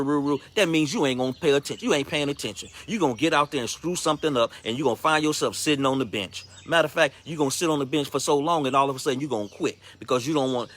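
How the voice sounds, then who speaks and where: Male minister, slightly high, lively delivery; casual slang, repeated exhortations in a coach's style. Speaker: ministry speaker. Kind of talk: motivational devotional talk.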